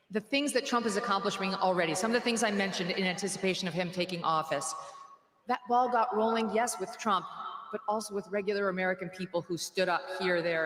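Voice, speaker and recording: A woman's voice: lowish voice, a bit bright. Sarcastic woman speaking in an echoey hall. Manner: sarcastic and mocking, with jokes. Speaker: rally speaker. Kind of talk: political rally speech. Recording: echoey arena with faint crowd noise.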